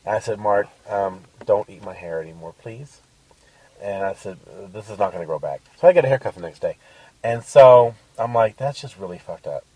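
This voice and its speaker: A man on a podcast casually telling a crude dating story, animated and swearing. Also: lowish voice, normal speed, slightly rough, distant mic, poor audio. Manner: crude, animated, acts out quotes.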